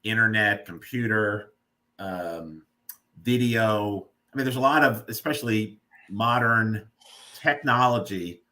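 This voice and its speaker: A man with a slightly low but bright, forceful voice hosts a casual live video chat. He talks playfully and explains words the way a teacher would, and he sounds as if he is on a video call. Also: takes it slowly. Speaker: host.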